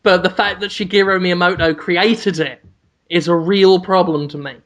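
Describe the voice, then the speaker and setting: A man co-hosting a casual comedy podcast, listing absurd complaints in a deadpan, mock-serious way. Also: high-pitched, moderate pace. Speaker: podcast co-host.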